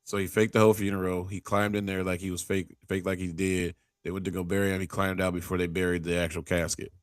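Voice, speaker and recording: A man's voice: low voice, level tone, fast talker, dry recording, studio quality. A man hosting a podcast in casual chat, rambling through stories and acting out the people in them. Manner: rambling storyteller who acts out quotes, many restarts. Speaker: podcast host.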